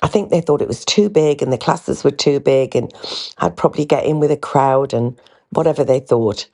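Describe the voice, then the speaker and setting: A woman's voice: rumbling low, moderate pace, a little mellow. A middle-aged woman hosting a podcast. She tells stories in a candid, rambling way with asides. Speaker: podcast host. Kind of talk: casual storytelling chat.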